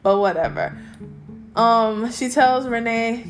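A young adult woman hosting a podcast, recapping a TV episode in a casual, animated way, swearing freely and laughing as she talks. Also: a little high, measured pace, soft background music. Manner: animated, profane, laughing storyteller. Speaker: podcast host.

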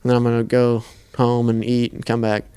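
A young man, co-host of a podcast, casually telling a hunting story in a relaxed, profane way. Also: mid-range voice, fairly quick, clear, resonant tone.

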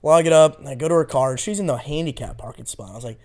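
A man's voice: medium pitch, racing, a little mellow. A young man casually telling a rambling, profane story on a podcast. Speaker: podcast co-host.

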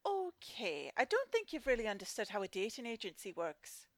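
A woman's voice: medium pitch, wildly swooping pitch, normal speed, no room sound. A woman playing a dry, sarcastic dating agent with an Irish accent in a comedy sketch.

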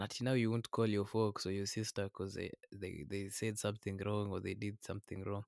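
A low, gravelly man hosts a reflective podcast monologue. He speaks earnestly and a bit preachily, calling his listener man and brother. The sound is close and dry, with no room around it. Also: level tone, brisk, hardly any pauses, a little mellow, no room sound. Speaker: podcast host. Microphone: podcast microphone.

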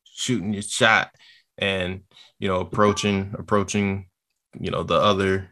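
A man hosting a casual podcast chat, relaxed and agreeable as he wraps up topics. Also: deep voice, measured pace. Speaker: podcast host.

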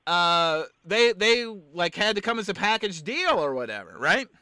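High, bright-voiced man with a sore throat. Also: sing-song, moderate pace, clean tone, dry recording. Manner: rambling, keeps getting sidetracked. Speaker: podcast host. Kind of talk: casual sports chat.

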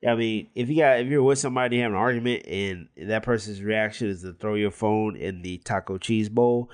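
A man's voice: lowish voice, a little fast, clean tone. A man co-hosting a casual film podcast, throwing in jokey, slangy asides. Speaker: podcast co-host. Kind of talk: casual movie chat.

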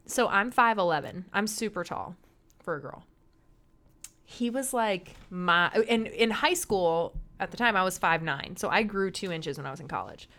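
A young woman co-hosting a podcast in casual chat, chatty and quick to laugh. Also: fairly low pitch, expressive, a bit bright. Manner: chatty, giggly, trailing off into laughter. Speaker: podcast co-host.

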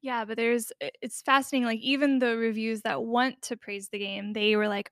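Woman co-host, slightly high voice, dry close sound, thoughtful scholarly chat. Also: level tone, normal speed, a bit bright, clear, resonant tone, no room sound. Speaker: podcast co-host. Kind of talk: casual discussion.

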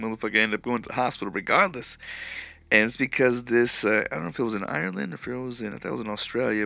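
Brief: a low, gravelly man hosting a solo podcast, crude and rambling, in a dry room. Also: pushed and bright, no room sound. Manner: crude, rambling, self-interrupting. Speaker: podcast host. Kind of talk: casual solo podcast monologue.

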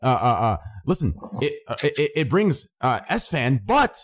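An excitable man whose voice swings up and down as he talks. He stumbles and repeats himself, joking with friends on a live stream. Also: mid-range voice, unhurried. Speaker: streamer co-host. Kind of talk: excited casual chat on a charity stream.

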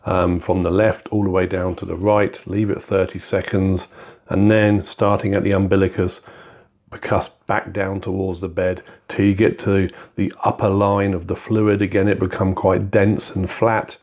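Man as calm clinical tutor, low and steady, talking through each step. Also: moderate pace, muffled recording. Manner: calm, methodical, step-by-step explaining. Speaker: clinical skills teacher. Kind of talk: instructional walkthrough.

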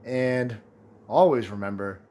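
A man's voice: mid-range voice, unhurried, dark tone. A man in his late twenties hosting a casual solo podcast, telling jokes and laughing at his own punchlines. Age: 20s. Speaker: podcast host.

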